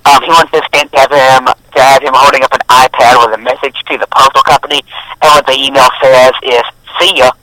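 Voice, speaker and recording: A man's voice: mid-range voice, level tone, fast talker, bright, forceful tone, low-quality recording. A young man co-hosting a podcast, rambling and opinionated in casual chat. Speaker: podcast co-host.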